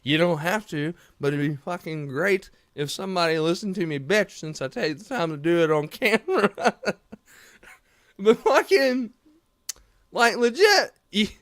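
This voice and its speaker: Man, high-pitched, dry voice, profane heated rant, rambling commentary. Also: animated, unhurried, a bit bright, no echo. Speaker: political commentary vlogger. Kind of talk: profane ranting commentary to camera.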